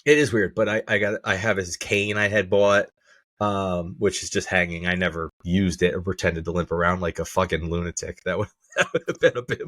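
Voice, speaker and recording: A man co-hosting a casual podcast from home, who laughs a lot and gets animated while retelling jokes. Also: sits low, a little fast, no echo. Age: adult parent. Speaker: podcast co-host. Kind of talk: casual chat. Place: home room. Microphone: camera and mic at home.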